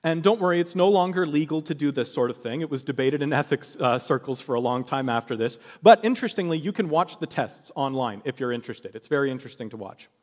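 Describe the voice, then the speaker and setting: A man's voice: mid-range voice, expressive, quick pace, few pauses, long reverb tail. A man preaching a sermon, telling a story with animation and acting out the voices of the people in it.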